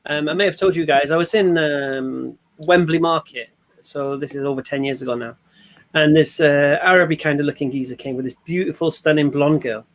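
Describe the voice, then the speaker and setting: A man's voice: on the high side, fairly quick. A man telling stories animatedly in a casual group chat. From England. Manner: animated storyteller, acts out quoted voices. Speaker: panel guest sharing stories.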